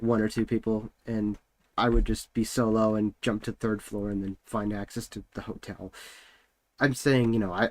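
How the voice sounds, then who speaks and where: A man's voice: mid-range voice, dry recording. A young man streaming from home, chatting casually and rambling with lots of filler words while he works.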